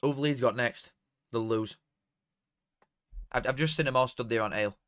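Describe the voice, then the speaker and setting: A man's voice: medium pitch, moderate pace, no room sound, studio quality. A young man, casually commentating on a live match and bantering with chat. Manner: banter with chat, swings from mutters to shouts. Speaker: watchalong streamer.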